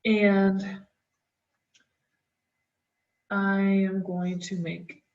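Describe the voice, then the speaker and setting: A woman art teacher talking children through a drawing, gentle and encouraging as she draws. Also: mid-range voice, flat delivery, extremely slow, distant mic. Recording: dull, roomy, from the mic.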